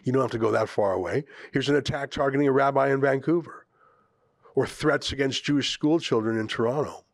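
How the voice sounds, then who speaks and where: A man's voice: medium pitch, fairly quick, dry recording. Emphatic man hosting opinion commentary. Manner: emphatic, with sarcastic rhetorical questions. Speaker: host.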